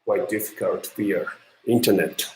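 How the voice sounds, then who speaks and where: A Japanese man with a Japanese accent, a non-native English speaker giving an online university lecture in a halting manner as he searches for words. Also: low voice, fairly even intonation, darkish tone. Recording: roomy echo.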